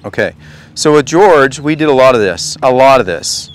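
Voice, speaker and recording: A man's voice: mid-range voice, expressive, moderate pace, clear, resonant tone. A man coaching a group at a golf clinic, talking casually and asking the group question after question. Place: outdoor golf practice range.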